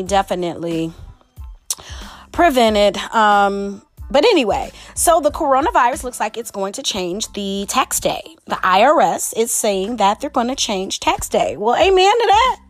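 A woman's voice: a little high, big pitch swings, moderate pace, no echo, soft background music. A woman hosting a casual solo podcast, talking in a chatty, exclamatory way. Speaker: podcast host.

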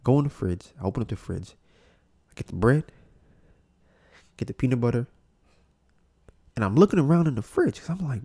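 A man's voice: mid-range voice, very animated, fast, gravelly, long pauses, warm tone, breathy edge. A young man hosting a podcast, telling a casual story in slangy talk and acting out both sides of it. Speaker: podcast host.

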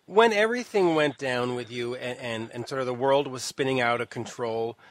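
A man hosting an interview, asking long, halting, rambling questions. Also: mid-range voice, dry recording. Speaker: interview host. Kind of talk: conversational interview.

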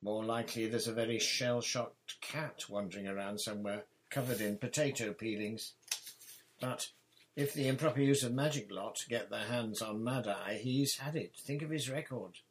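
A man voicing a brisk, gossipy middle-aged male wizard official, urgent and chatty. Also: mid-range voice, a little hiss or hum, pitched above the performer's own voice, natural voice, poor audio.

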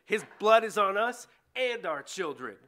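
An angry mob crying out for execution, shouted by a man reading the story. The voice jumps up high and loud, stretching each cry out slowly. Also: sing-song, full character voice. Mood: shouting. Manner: loud, raised, drawn-out shouting.

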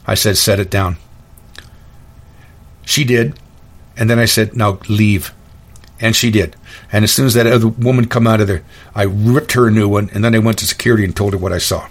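A man's voice: fairly low pitch, steady tone, quick pace. A man hosting his own podcast, telling stories in a blunt, opinionated, folksy monologue. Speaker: podcast host. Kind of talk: casual monologue.

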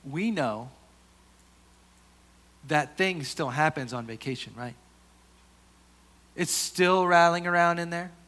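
A pastor preaching a sermon in an earnest, conversational way, often restarting his sentences and dropping to softer asides. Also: a little high, takes it slowly, long pauses.

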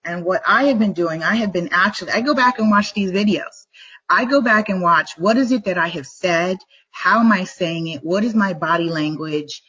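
Middle-aged woman, vlog host, low-ish husky voice, emphatic and repetitive motivational delivery, slightly muffled webcam audio. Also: sharp tone. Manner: emphatic, repeats and slows down to stress points. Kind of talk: motivational live-stream talk.

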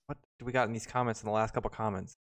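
A man's voice: lowish voice, fairly even intonation, very fast. A man hosting a live-streamed show, chatting casually and laughing often. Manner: laid-back, laughing often. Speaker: podcast host.

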